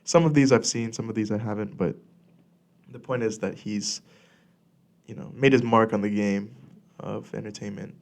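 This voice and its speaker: A young man talks close into a podcast mic, rambling loosely with plenty of fillers and false starts. His low voice has a gravelly fry, and he sounds a bit congested from a cold. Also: fairly even intonation, moderate pace, pauses often. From California. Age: young adult. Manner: rambling, filler-heavy with many likes and restarts. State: congested, clearing his throat. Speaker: podcast host. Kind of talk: casual solo podcast monologue. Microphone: studio podcast mic.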